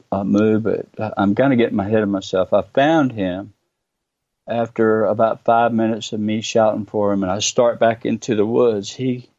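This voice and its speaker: A man with a low, gravelly voice earnestly tells his own story as a radio guest, stopping and restarting as he goes. His tone is dark and mellow. The sound is dull and lo-fi. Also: no echo. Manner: earnest, vivid storytelling with hesitations. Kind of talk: recounting a personal experience.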